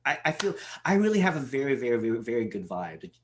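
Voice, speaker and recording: A woman's voice: rumbling low, very animated, rapid-fire, a little hiss or hum. A woman hosting a casual video-call interview, gushing and affectionate, repeating words for emphasis. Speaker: host, pageant vlogger.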